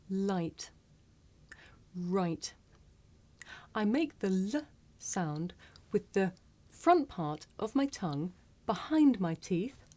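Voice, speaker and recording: A woman teaching English pronunciation, saying single words slowly and carefully for learners to repeat. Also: mid-range voice, darkish tone. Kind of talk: slow scripted pronunciation lesson.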